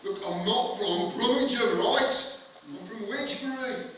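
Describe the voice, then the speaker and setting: An actor with a Black Country accent playing a bossy army corporal who barks orders on stage. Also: male voice, fairly high pitch, very animated, moderate pace, crowd noise. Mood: irritated. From Black Country, England. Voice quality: brusque, barking orders. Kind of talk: amateur stage play. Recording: echoey hall, from far off, audience room noise.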